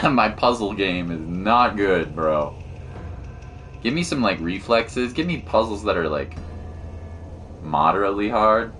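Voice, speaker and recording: A man with a deep voice hosts a game stream and talks to his chat in a loose, easygoing way. He keeps it casual and friendly, with a bit of soft noise in the background. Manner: relaxed, chatty, talks to chat while playing. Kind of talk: casual let's-play chat.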